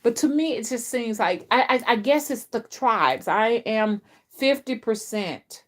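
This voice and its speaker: A woman's voice: expressive, unhurried. Chatty middle-aged woman rambling on a live stream. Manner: chatty, repetitive, with big swings in pitch and loudness. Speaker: spiritual reader and channel host.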